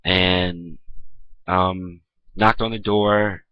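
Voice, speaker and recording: A man's voice: steady tone, very slow, clean tone, no echo. A young man telling a personal story in a blunt, profane, conversational vlog, acting out what people said. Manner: blunt, profane, conversational, acts out quoted lines. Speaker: vlogger. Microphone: camera mic. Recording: dull, muffled low-quality recording.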